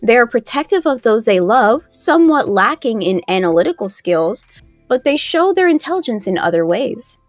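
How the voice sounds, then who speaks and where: A woman's voice: fairly high pitch, big pitch swings, normal speed, no echo, soft background music. A woman with a mostly neutral American accent and a faint Southern edge, co-hosting a livestream, reading out segments in a chatty, playful way. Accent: neutral American, a little Southern at times. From New Jersey, raised in Florida. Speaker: co-host. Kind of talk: casual livestream chat, reading horoscope and history.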